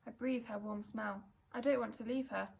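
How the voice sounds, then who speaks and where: A teacher reads a children's novel aloud in a fairly high, gravelly voice. She tells it expressively, going gentle in tender moments and calling out loudly when the action picks up. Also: moderate pace. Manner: expressive storytelling, rising to loud calls in action. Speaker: primary school teacher.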